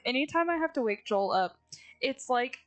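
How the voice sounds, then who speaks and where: Young woman, bright high register, laughs often, acts out quotes mid-story, casual streamer chat. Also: animated, moderate pace, dry recording, rough recording.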